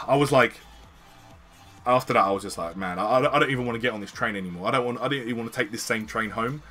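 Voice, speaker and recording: Young-sounding British streamer, bright forceful voice, slangy and sweary, spinning a tale over faint music. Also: male voice, medium pitch, fast talker. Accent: British English. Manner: slangy, swearing, animated retelling. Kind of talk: casual storytelling.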